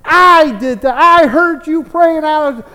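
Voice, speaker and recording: A man voicing a mocking atheist neighbor who loudly insists he bought the groceries himself. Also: very high voice, slow pace, in a large hall, voice pushed up, heavily acted. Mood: scoffing. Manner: loud, scoffing and insistent.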